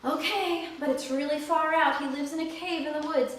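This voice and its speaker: A woman's voice: high-pitched, steady tone, moderate pace, a little hiss or hum, pitched above the performer's own voice, lightly acted. A woman doing a sly little rabbit in an echoey hall. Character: small clever male rabbit, polite and sly. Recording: echoey sanctuary from far off.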